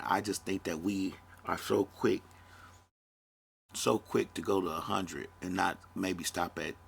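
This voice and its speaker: A man's voice: sits low, gravelly, fairly bright tone, husky. A man in his fifties, a podcast host, talking bluntly in a casual monologue and swearing freely. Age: 50s. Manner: blunt, profane, conversational.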